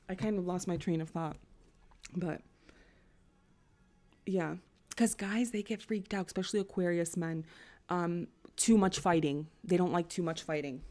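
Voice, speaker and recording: A woman's voice: on the low side, dark tone. A young woman giving a casual astrology and tarot reading, chatty and rambling, full of "like" and "you know".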